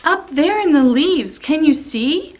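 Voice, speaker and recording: A woman voicing a group of eager young children in a rhyming picture book, speaking high and pleading. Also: expressive, takes it slowly. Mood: pleading, excited.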